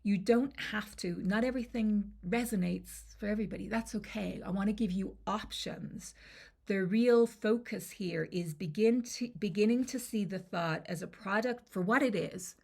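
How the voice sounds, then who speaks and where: A woman's voice: mid-range voice, moderate pace, gravelly, darkish tone, breathy edge. A woman confidence coach teaching a lesson to camera in a conversational way, often checking in with the listener.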